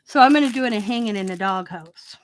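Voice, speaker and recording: A woman's voice: mid-range voice, fast talker. A middle-aged woman hosting a crafting channel, chatting casually, laughing often and breaking off to restart her sentences.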